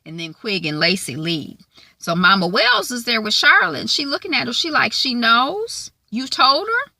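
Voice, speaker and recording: A woman's voice: on the high side, fairly quick, gravelly, bright, forceful tone, no echo. A woman giving a chatty, casual recap of a TV episode, full of "you know" and "like". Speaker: TV show reviewer.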